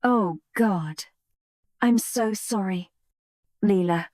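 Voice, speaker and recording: A woman's voice: medium pitch, extremely slow, a little mellow, no room sound, clean studio sound. A woman voicing a tearful, pleading teenage girl. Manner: trembling, pleading. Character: tearful apologetic teenage girl best friend.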